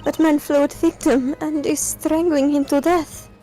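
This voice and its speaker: A woman voicing a gruff waitress in a put-on Russian accent, speaking flatly and dropping articles. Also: high voice, a little slow, faint music behind. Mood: storytelling. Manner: deadpan, drops articles.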